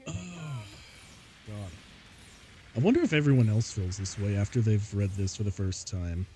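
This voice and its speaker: A man's voice: on the low side, expressive, a little fast, dark tone, soft background music. A man streaming live, chatting casually and rambling, often laughing between thoughts and saying "like" and "y'all" a lot.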